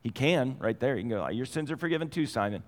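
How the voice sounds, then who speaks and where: A middle-aged man preaching a sermon, telling stories conversationally and moving between quiet and animated passages. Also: medium pitch, quick pace. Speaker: pastor. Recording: long hall reverb.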